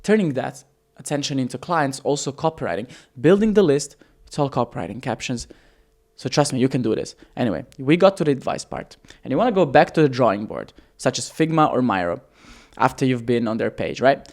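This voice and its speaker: A man teaching copywriting on camera in a casual, energetic way, swearing freely and shifting his pace and loudness for emphasis. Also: mid-range voice, fairly quick, vocal fry. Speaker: copywriting coach.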